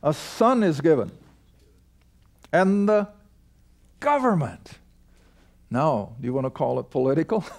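A man's voice: medium pitch, sing-song, fairly quick, vocal fry, hardly any pauses, a little mellow. An older man teaching a Bible study to a seated class, reading verses aloud and putting folksy questions to the listeners. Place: room with a studio audience.

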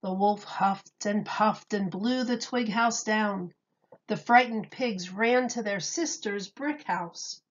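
A woman teacher reading a children's story and explaining a craft, gentle and clear, step by step. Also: mid-range voice, takes it slowly, dull audio.

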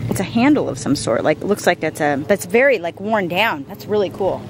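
A woman's voice: fairly low pitch, expressive, a little fast, slight background noise. A woman in her thirties chatting casually to camera as a family vlogger, rambling and calling viewers "guys". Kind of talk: casual vlog chat to camera.

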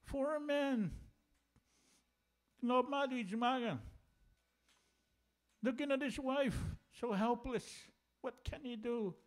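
A man's voice: extremely high pitch, slow, pauses often. A man serving as pastor who leads prayer during a sermon, earnest and prayerful.

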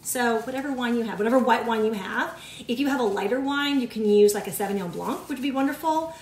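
A woman's voice: a little high, quick pace. A woman hosting a cooking show, chatting casually with viewers as she talks them through each step. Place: home kitchen. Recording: echoey kitchen, mic at a distance, clattering dishes.

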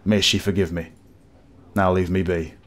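A man voicing a grizzled old sailor in a game tavern, with a put-on West Country accent and a gruff, brooding way of telling tales. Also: low voice, level tone, moderate pace, a bit bright, voice pushed down. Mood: mournful. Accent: West Country English, put on.

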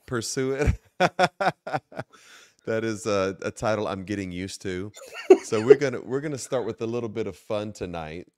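A man, a bishop, hosting his talk show in an earnest, quick way with many filler words and restarts. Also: lowish voice, animated, darkish tone, dry recording, studio quality. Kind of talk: sermon-like talk show monologue.

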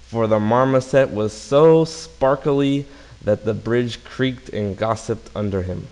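A man's voice: mid-range voice, takes it slowly, a little mellow, low-quality recording. A man reading a silly fill-in-the-blank fairy tale aloud in a casual storybook manner.

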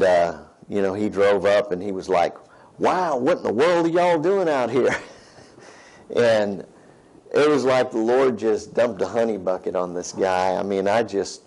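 A man's voice: lowish voice, darkish tone, poor audio. A man preaching a sermon, reading scripture aloud and checking in with his listeners in a conversational way. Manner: conversational, reads scripture aloud and asks "right?". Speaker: pastor.

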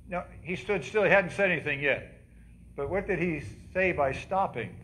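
A man preaches in a church sanctuary, putting questions to his congregation and dramatically repeating the cries of the biblical story. The voice is fairly high and bright, delivered at normal speed, with slight background noise.

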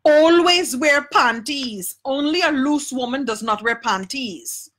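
A woman's voice: high-pitched, lively intonation, a bit bright, voice pushed up, exaggerated voice. A woman voicing a stern woman schoolteacher from Guyana, with a Guyanese accent, blunt and emphatic. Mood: scolding. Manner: blunt, scolding, slow and emphatic.

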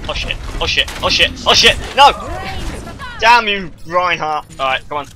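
A man hosting a gaming video, giving excited gameplay commentary and shouting at the game. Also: fairly high pitch, normal speed, music in the background. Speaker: gaming channel host.

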